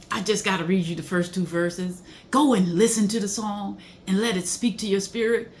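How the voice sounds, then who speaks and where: A woman's voice: medium pitch, steady tone, normal speed, hardly any pauses, darkish tone. A middle-aged woman giving a faith-based motivational talk, speaking in an emphatic, preachy way and breaking into exclamations.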